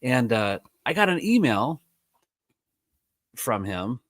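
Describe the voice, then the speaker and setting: A man hosting a podcast, chatting in a relaxed, joking way and giving frequent short agreements. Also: medium pitch, slow, no room sound, clean studio sound. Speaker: podcast host and drum teacher. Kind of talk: casual chat.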